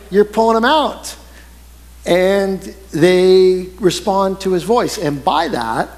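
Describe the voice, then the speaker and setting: Male pastor, animated conversational sermon delivery, higher voice, recorded in an echoing church hall.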